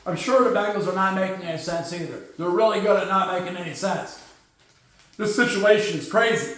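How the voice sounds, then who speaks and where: A man's voice: high voice, brisk, fairly bright tone. A man hosting a casual football news podcast, ranting with sarcastic jokes. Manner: sarcastic, jokey, slips into mocking voices. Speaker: podcast host. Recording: very echoey room.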